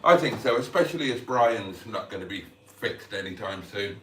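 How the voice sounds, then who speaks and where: A man's voice: lowish voice, expressive, normal speed, a bit bright, far from the mic, slight background noise. Lisping man, roomy and off-mic. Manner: chatty and self-mocking. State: hungover. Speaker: vlogger. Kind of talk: casual live chat. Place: room at home.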